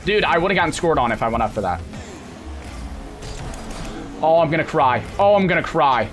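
A young man plays a game on a headset mic and rants at it nonstop. His voice sits a little high and swings hugely between grumbling and furious yells. The commentary is full of swearing, with game music playing clearly underneath. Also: big pitch swings, moderate pace, pauses often. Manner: frustrated, swearing, bursts into angry shouts. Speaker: gaming streamer. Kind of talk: live gameplay commentary. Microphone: gaming headset.

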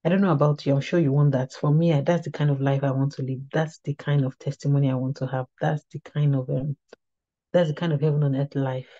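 A woman's voice: deep voice, steady tone, fast, warm tone, dry recording. A woman teaching at a women's ministry, telling a testimony in an earnest storytelling way that often repeats and restarts phrases. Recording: slightly dull lo-fi recording.

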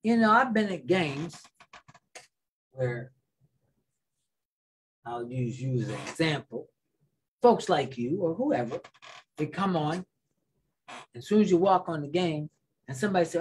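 A man's voice: a little high, lively intonation, unhurried, long pauses, a little hiss or hum, rough recording. A man hosting a podcast, asking probing questions in a conversational, colloquial way. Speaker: podcast host. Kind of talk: casual interview talk.

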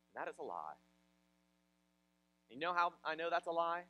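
Animated, high-voiced male pastor preaching. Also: normal speed, long pauses, low-quality recording. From Ohio, USA. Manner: animated, conversational preaching with personal stories. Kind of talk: sermon.

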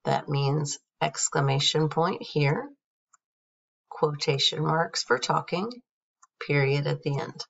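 A woman teacher patiently works through a grammar worksheet, spelling words out letter by letter in a low-pitched voice at a slow pace. The screen-recorded audio sounds dull and distant.

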